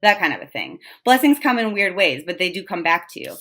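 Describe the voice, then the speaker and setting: A woman talks through a tarot reading in a loose, conversational way. She is frank and chatty, fills her pauses with little asides, and lets the odd swear word slip. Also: fairly low pitch, huge pitch swings, fairly bright tone. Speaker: tarot reader.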